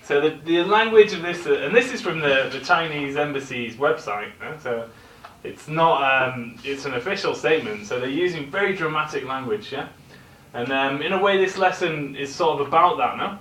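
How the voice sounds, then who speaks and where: A male English teacher gives a vocabulary lesson, explaining words and often checking in with the class using tag questions. His voice is on the high side, a bit bright, at normal speed. A distant recorder picks him up in an echoey room, with a little hiss or hum.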